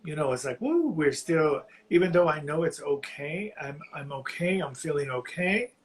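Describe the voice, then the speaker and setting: A man calling in to a live reading, sharing something painful in a halting, heartfelt way while close to tears. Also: on the high side, animated, slight background noise, rough recording. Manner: halting, heartfelt, slow, often restarting phrases. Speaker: caller on a live psychic reading. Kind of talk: emotional personal sharing.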